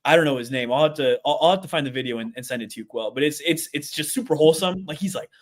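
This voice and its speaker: A man's voice: fairly high pitch, very fast. A man co-hosting a casual sports podcast, rambling with many restarts and laughing easily. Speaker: podcast co-host.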